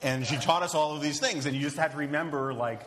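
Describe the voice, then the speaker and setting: A man's voice: fairly high pitch, fast, fairly bright tone. A man telling rambling, self-amused anecdotes on a live podcast panel. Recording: live room with long reverb, faint noise.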